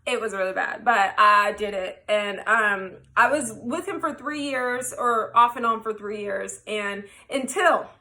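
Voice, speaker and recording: A woman's voice: medium pitch, unhurried, few pauses, bright, forceful tone. A woman vlogger telling a personal story in a casual, candid way, swearing freely.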